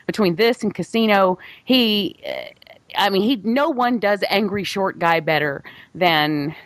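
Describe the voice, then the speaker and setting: A woman's voice: mid-range voice, fairly bright tone, dry recording. A woman co-hosting a film podcast, talking casually and rambling, with frequent laughs and restarts. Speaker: podcast co-host. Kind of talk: casual chat about films.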